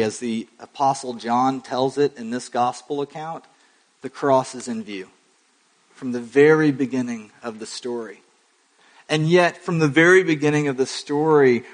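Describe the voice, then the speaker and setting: A male pastor preaching a sermon, emphatic, with dramatic pauses, rising swells and folksy asides. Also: medium pitch.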